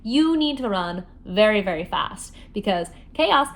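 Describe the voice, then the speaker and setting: A woman doing a smug, high-voiced scheming young man. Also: big pitch swings, normal speed, a bit bright. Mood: urgent. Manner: high, sing-song, theatrical. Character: cocky immortal young man, scheming and dramatic.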